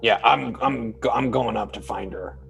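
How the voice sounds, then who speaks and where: A man playing a tabletop game, chatting playfully with a creaky, husky voice. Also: medium pitch, normal speed, a bit bright. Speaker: player. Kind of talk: casual game chat.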